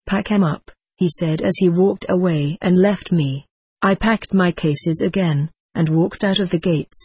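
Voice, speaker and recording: A reader narrating a memoir-style audiobook in a measured, reflective way. The voice is husky and mid-pitched, recorded dry and close. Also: darkish tone, no room sound. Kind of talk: scripted first-person narration.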